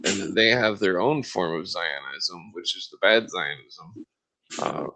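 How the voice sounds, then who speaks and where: A man with a lowish voice talking at length on a podcast, his sentences looping and restarting as he goes. He keeps pressing on over the other speakers. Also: lively intonation, measured pace, noisy background. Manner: rambling, restarts often, talks over others. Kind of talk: casual podcast chat.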